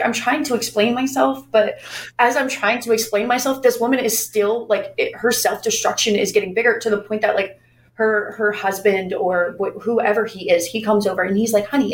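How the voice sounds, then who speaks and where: Animated woman telling stories, roomy sound. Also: a little high, normal speed. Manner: animated, acts out quoted dialogue. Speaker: podcast co-host. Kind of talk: casual storytelling chat.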